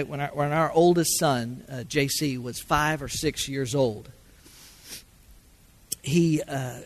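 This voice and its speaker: A middle-aged man preaching a sermon. He swings from loud, ringing calls to hushed, quiet pauses. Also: on the high side. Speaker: pastor.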